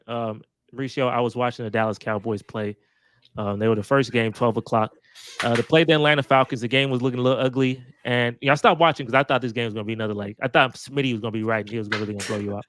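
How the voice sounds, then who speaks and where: A man co-hosting a casual sports chat, animated and joking, pushing his opinions hard. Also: mid-range voice, dry recording. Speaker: podcast co-host.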